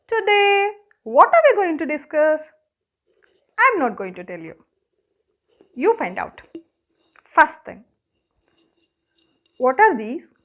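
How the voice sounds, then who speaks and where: A woman's voice: sits high, sing-song, slow, long pauses, fairly bright tone. A woman with an Indian English accent teaching a grammar lesson, asking questions and answering them herself as she counts objects aloud. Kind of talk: classroom lesson.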